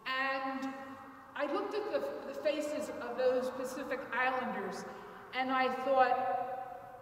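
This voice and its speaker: An older woman giving a speech, telling a personal story in an earnest, halting way with repeated words. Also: sits high, slight background noise. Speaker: invited speaker. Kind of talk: personal story in a public talk. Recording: echoey hall from far off.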